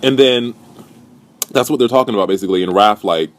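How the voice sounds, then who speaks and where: A young man recapping a reality show in a casual, profane, animated rant. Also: fairly low pitch, brisk. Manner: profane, animated, indignant storytelling.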